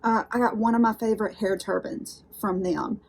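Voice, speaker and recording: A woman's voice: medium pitch, steady tone, moderate pace, creaky, slightly rough. Rambling Southern woman vlogger. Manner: rambling, folksy, talks straight to viewers with "y'all". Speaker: unboxing channel host. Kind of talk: chatty unboxing vlog.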